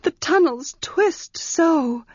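A woman reading a story, voicing a frightened young woman lost in the dark, pleading and fearful. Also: sits high, lively intonation, drawn-out words, dry recording, muffled recording, voice pushed up, full character voice. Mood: despairing. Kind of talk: audiobook character reading.

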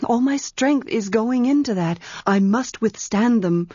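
A woman reading a story, voicing a calm, quiet young man who guides a companion through the dark. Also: fairly high pitch, measured pace, no room sound, dull audio. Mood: resolute. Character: steady, exhausted young man guiding in darkness. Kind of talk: audiobook character reading.

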